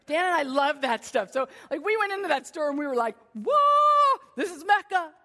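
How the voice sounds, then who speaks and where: A woman in her forties telling a self-deprecating personal story to an audience, shifting between lively and hushed. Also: high voice, fast. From United States. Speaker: speaker addressing an audience.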